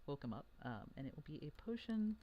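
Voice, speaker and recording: Halting dungeon master narrating a game. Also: mid-range voice, very animated, dull audio. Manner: halting, with many fillers and restarts.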